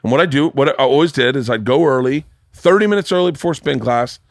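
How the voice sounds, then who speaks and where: A man's voice: mid-range voice, fast, no echo, studio quality. A man in his forties hosting a podcast, telling a story with plenty of swearing and acted-out quotes. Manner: animated storyteller, swears a lot, acts out quotes. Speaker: podcast host. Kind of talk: casual chat. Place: home studio.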